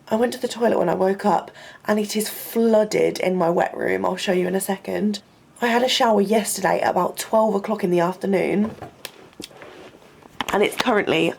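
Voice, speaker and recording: A young woman, a university student, chatting casually in a rambling vlog from her student flat. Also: mid-range voice, moderate pace, vocal fry, husky. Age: young adult. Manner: rambling, lots of "like" fillers.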